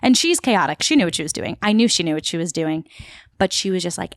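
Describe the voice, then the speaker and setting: A chatty woman from Queens, New York City, an actor and tour guide, tells a story as a podcast guest in a casual interview, using lots of fillers. Her fairly low voice is animated and quick. The studio-quality recording is dry.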